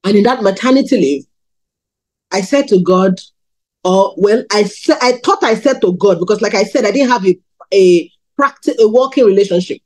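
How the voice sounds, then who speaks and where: This is a preacher, a Nigerian woman in her thirties, speaking at normal speed while she candidly recounts her personal testimony during a sermon. Her storytelling carries lively swings in pitch, and the audio is of low quality.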